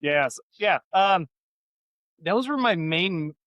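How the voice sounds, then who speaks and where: A man's voice: high-pitched, animated, slow, a bit bright, no echo, dull audio. A man co-hosting a podcast, telling long profane stories in a loose, rambling way. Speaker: podcast co-host. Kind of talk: casual podcast chat.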